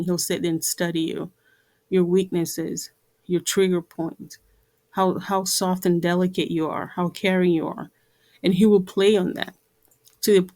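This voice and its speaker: A woman's voice: lowish voice, a little mellow. A woman giving an earnest talk to camera, repeating herself and using many fillers. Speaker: vlogger.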